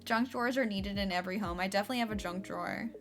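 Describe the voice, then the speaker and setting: A young adult woman with a medium-pitched voice streams a game, talking very fast and casually, with "like" sprinkled throughout her speech.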